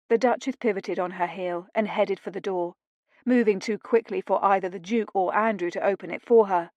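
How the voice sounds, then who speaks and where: A woman reading a romance audiobook in steady, measured scripted narration on a close mic. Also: medium pitch, dry recording, muffled recording.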